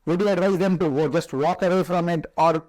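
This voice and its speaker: A man hosting a podcast, asking sympathetic, probing questions with frequent "uh" pauses. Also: fairly high pitch, steady tone, darkish tone, no room sound, low-quality recording. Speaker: podcast host. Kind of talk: interview questions.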